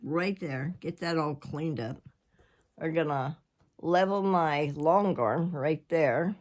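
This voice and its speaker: A woman's voice: low-pitched, takes it slowly, darkish tone. An older woman, chatting casually to her viewers and jumping from one subject to the next. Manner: rambling, chatty, jumps between subjects. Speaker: vlogger. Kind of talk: casual chat.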